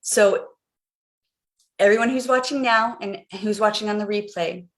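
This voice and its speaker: A woman's voice: mid-range voice, a little slow. A middle-aged woman coaching viewers on a live stream, guiding them through a visualization in an earnest, repetitive way. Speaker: life coach.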